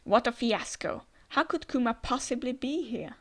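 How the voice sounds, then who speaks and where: A woman reading out the lines of a cruel, cold elder male villain from a comic, in a flat read-aloud way. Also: on the high side, normal speed.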